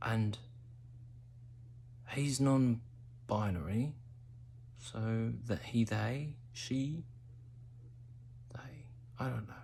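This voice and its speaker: A man hosting a casual monologue while high, drifting into whispery asides. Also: darkish tone, a little hiss or hum. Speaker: host.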